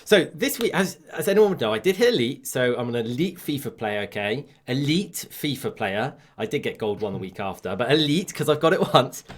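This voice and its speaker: A man's voice: medium pitch, sing-song, brisk, few pauses. A man with an English accent co-hosting a gaming podcast, teasing his partner and telling stories with mock drama. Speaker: podcast co-host and streamer. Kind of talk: casual chat.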